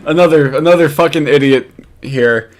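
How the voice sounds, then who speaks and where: A man's voice: fairly high pitch, normal speed. A man giving casual reaction commentary, ranting in an exasperated, profane way with many restarts. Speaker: commentary host.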